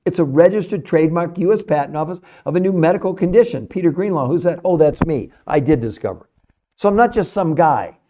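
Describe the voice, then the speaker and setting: A man's voice: a little high, expressive, fairly quick, mellow. A middle-aged man hosting a live stream, talking to chat viewers in an emphatic, salesy way and repeating his points for effect. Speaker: livestream host, nutrition researcher.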